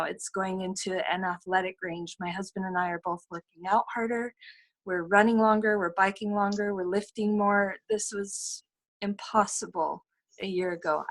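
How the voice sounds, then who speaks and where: Middle-aged woman telling her story on a video call, earnest, repeats herself, lots of um, medium voice. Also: mid-range voice. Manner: earnest, many fillers, repeats phrases. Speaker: testimonial speaker. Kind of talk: personal testimony on a video call.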